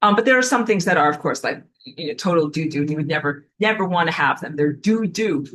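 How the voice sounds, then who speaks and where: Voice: mid-range voice, expressive, fast, a bit bright, a little hiss or hum, rough recording. A spiritual teacher talking casually on a livestream, rambling with many fillers and the odd swear word, reading viewer comments aloud and apologizing often. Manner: rambling, with frequent fillers and profanity.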